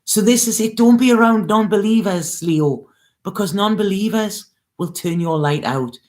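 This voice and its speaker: A woman's voice: medium pitch, normal speed, a little mellow. A woman tarot reader giving an emotional, earnest spiritual reading, coaxing her listeners and often checking in with "okay?". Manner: earnest, coaxing, with frequent "okay?" and "you know". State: near tears, emotional. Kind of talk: spiritual reading, casual monologue.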